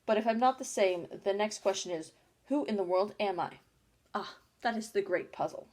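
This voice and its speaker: A woman's voice: mid-range voice, normal speed, darkish tone, natural voice. A curious, chattering young girl from a storybook, read by a woman in her own voice. She talks to herself in a fussy, wondering way, as if puzzling everything out aloud. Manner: fussy, wondering self-talk. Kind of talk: audiobook character reading.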